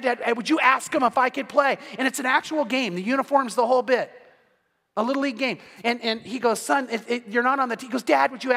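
A man pastor telling a story in a sermon, moving from quiet retelling to loud, excited shouting. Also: high voice, in a large hall. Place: church sanctuary.

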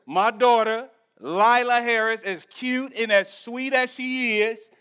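A man pastor preaching a sermon to his church, emphatic and humorous, swinging from quiet reflection to loud exhortation while speaking straight to the congregation. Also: very high-pitched, slow pace, clear, resonant tone. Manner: addresses the congregation directly, storytelling with humor. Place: church service.

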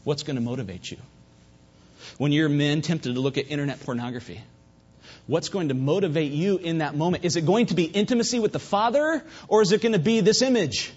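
A man preaching a sermon at a church service, fervent, swinging between loud emphasis and hushed asides. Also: a little high, a little fast, husky. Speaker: pastor. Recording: dull lo-fi recording.

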